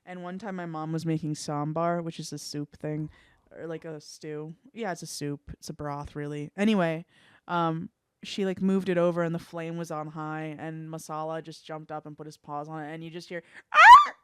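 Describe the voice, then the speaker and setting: A woman's voice: deep voice, steady tone, moderate pace, a little mellow, clean tone, no echo, clean studio sound. A young woman co-hosting a podcast, telling rambling stories in casual chat, full of "like". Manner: rambling storyteller, lots of "like". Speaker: podcast co-host.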